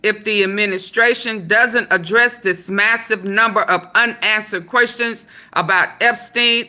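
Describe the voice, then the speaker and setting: A woman's voice: mid-range voice, pushed and bright. A woman doing a stern military man's statement. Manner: stiff, emphatic military delivery. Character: stern male military officer reading a statement.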